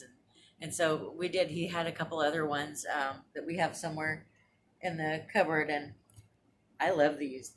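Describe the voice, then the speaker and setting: A woman around forty talks casually at home for her vlog in a low, deep voice. She rambles along with plenty of fillers and restarts. A faint hiss sits under the recording. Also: fairly even intonation, moderate pace, a bit bright. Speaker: vlogger. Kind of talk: casual chat. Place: apartment.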